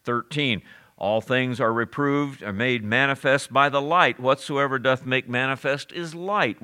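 A middle-aged man preaching from the pulpit, working through scripture verse by verse and telling stories along the way. His voice is bright and forward, and his delivery is loose, full of "uh"s and restarted phrases. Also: medium pitch. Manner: expository preaching with anecdotes, frequent "uh" and restarts. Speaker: pastor. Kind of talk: sermon.

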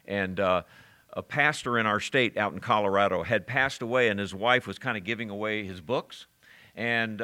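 A man's voice: mid-range voice, sharp tone. A man preaching a sermon as a pastor, emphatic and direct, asking his listeners rhetorical questions.

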